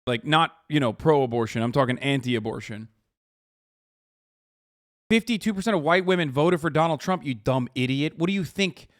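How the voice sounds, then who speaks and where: A male streamer in his thirties rants at his live chat, heated and full of profanity. His voice sits a bit high for a man, and he keeps mocking his critics in exaggerated put-on voices. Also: expressive, normal speed, a bit bright. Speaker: streamer host. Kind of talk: casual political rant to chat.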